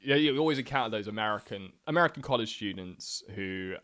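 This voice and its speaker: Low-ish guy riffing on a podcast, laughs a lot, acts out quotes. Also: lively intonation, fast talker, a bit bright. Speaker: YouTuber and podcast co-host. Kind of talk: casual banter.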